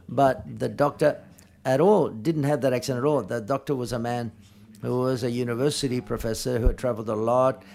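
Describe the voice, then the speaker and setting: A man of middling pitch answers questions at a film press conference. His speech is halting, and he often breaks off mid-phrase to restart or correct himself. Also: gravelly, darkish tone.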